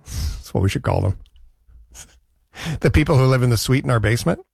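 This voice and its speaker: Lively Canadian radio host, dry studio. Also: male voice, medium pitch, a little fast, gravelly, husky, no echo. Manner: rambling, conversational. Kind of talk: radio show chat.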